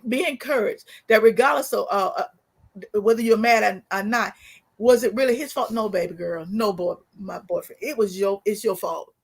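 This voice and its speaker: A woman's voice: mid-range voice, moderate pace, gravelly, breathy edge. A woman co-hosting a faith talk show, preaching in a sermon-like way, quoting scripture, with many restarts and fillers. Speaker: co-host.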